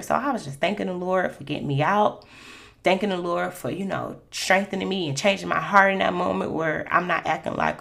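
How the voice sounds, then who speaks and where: A woman's voice: lowish voice, fairly quick, creaky, a bit bright. A woman hosting a Christian podcast, telling personal faith stories in a conversational way with lots of "you know.". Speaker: podcast host.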